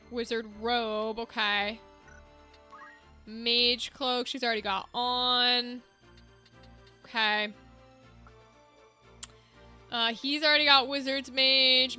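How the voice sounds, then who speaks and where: A woman streaming a game, chatting casually and thinking out loud as she sorts out gear. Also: fairly high pitch. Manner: chatty, thinks aloud, easily amused. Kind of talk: casual gameplay chat. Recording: game music underneath.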